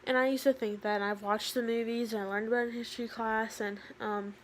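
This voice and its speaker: A teenage girl talking to camera in a casual vlog, rambling with lots of fillers and sometimes dropping to a soft, quiet voice. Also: a little high, little pitch movement, quick pace, a little hiss or hum. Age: teens. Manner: chatty, rambling, with many fillers. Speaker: vlogger.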